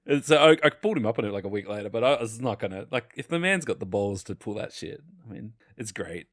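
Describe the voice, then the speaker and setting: A man, telling gaming stories on a casual podcast, his voice mid-pitched and very dry, with no room sound around it. He swears freely and slips into other people's voices as he tells each story. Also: animated, quick pace, few pauses, no echo. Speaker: podcast co-host. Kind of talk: casual chat.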